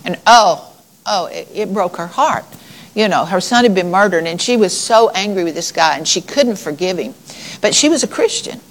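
A woman's voice: lowish voice, lively intonation, normal speed, rough recording. A woman preaching a sermon in a conversational, folksy way, reading scripture aloud and addressing her congregation.

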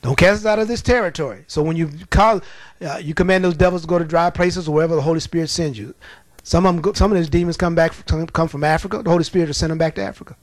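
Male preacher, high voice, lively storytelling, dry close sound. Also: quick pace, no echo. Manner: animated storytelling with acted-out voices. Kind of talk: sermon.

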